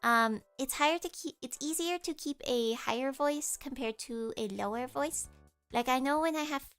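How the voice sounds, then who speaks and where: A woman streaming, her voice sitting a little high with a nasal edge. She chats casually and explains things at length. Soft background music plays faintly behind her. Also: normal speed, smooth. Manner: chatty, explains with vocal demos.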